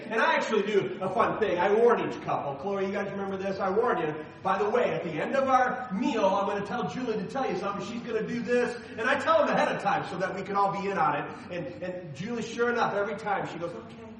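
A man preaching a sermon, dramatically reading scripture and then talking in a chatty, animated way. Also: sits high, quick pace, hardly any pauses. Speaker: pastor. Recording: echoey hall, distant mic.

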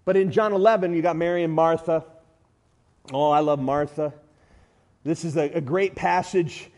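Man, sermon, high voice, emphatic, loud-to-hushed swings, folksy illustrations. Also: normal speed. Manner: uses everyday illustrations and humor.

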